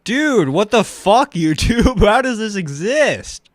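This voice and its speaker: A young man streaming casually, swearing and laughing in excitable chat. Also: sits high, slow, no echo, studio quality.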